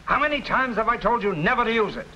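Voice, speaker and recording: A man's voice: very high voice, expressive, quick pace, pushed and bright, slight background noise, heavily acted. A man playing a nervous, blustering syndicate boss in a 1940s radio drama, on a dull old recording. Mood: tense. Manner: blustering then pleading.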